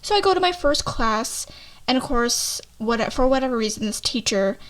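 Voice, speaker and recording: A woman's voice: on the high side, lively intonation, moderate pace, fairly bright tone. A young woman casually telling a storytime tale, full of fillers and "like," and swearing freely. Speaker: vlogger.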